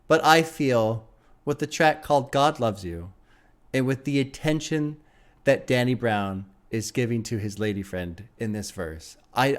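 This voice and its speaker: A man at a middle pitch giving casual commentary on an album as its host. He talks with loose enthusiasm, laughs often and swears freely. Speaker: music reaction host.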